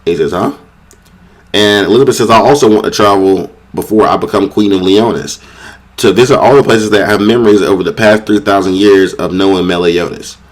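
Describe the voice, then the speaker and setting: A man's voice: lowish voice, brisk. A young man hosting a manga review, casually retelling a chapter with lots of "you know" and "um" fillers and slipping into the characters' lines as he goes. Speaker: manga review channel host.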